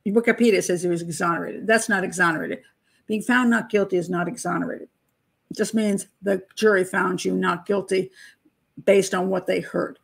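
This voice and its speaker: A woman's voice: on the low side, fairly even intonation, moderate pace, vocal fry, breathy edge. An older woman hosting a casual true-crime commentary, talking emphatically and with open disbelief as she picks apart testimony. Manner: emphatic, incredulous, mocks testimony with acted-out voices. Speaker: criminal profiler and channel host.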